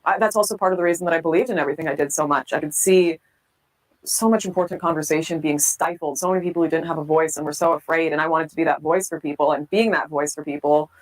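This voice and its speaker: Fast-talking woman telling her story. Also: low voice, poor audio. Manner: candid, reflective, lively quoting of others. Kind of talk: storytelling interview.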